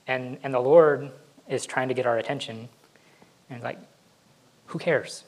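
A man's voice: mid-range voice, steady tone, moderate pace, a little mellow, low-quality recording. A male pastor giving a conversational sermon, laughing now and then and acting out what his kids say. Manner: conversational, laughs often, acts out kids' voices.

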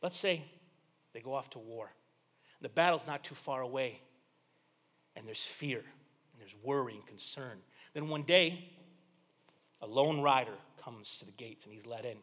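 A male pastor delivering a sermon, swinging from hushed, low passages to loud, excited proclamations. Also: measured pace, long pauses. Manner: dynamic preaching, dropping to hushed tones then rising to loud exclamations.

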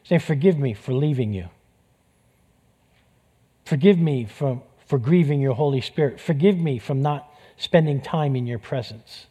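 A man's voice: mid-range voice, a little slow, mellow, slightly rough. A man with a New York accent preaching a sermon with passion, repeating phrases for emphasis. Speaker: pastor.

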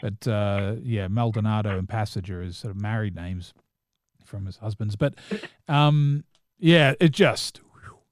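A man's voice: fairly low pitch, a little slow, dry recording, clean studio sound. A man with a New Zealand accent, co-hosting a casual chat about films and shows, talking in a rambling, enthusiastic way full of restarts and fillers. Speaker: podcast co-host.

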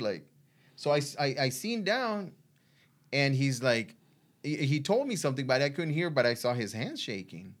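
Man, mid-pitched, telling a personal story haltingly with many restarts. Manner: halting, with frequent restarts and fillers. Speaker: guest sharing a faith testimony. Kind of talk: conversational storytelling.

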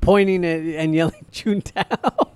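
A man's voice: high voice, unhurried, darkish tone, smooth, no room sound. A man co-hosting a podcast, chatting casually about movies with friends, joking and laughing often. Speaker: podcast co-host.

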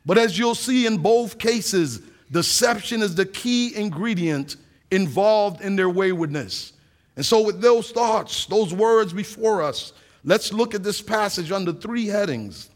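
A man who is a pastor, preaching a sermon with earnest rhetorical questions and reading scripture aloud slowly for emphasis. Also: sits high, lively intonation.

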